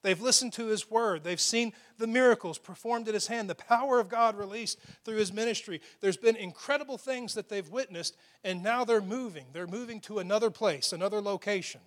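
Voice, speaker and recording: A pastor delivering an emphatic sermon in a fairly high voice. He presses his points hard and then drops into a hushed tone for quoted lines. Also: brisk, few pauses. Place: church with a loud PA system.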